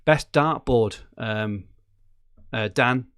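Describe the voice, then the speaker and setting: A chatty man co-hosts a casual podcast, running through standings with plenty of fillers. His voice sits at an ordinary pitch. The sound is dry and close, with no room echo. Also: drawn-out words, fairly bright tone, smooth. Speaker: podcast co-host.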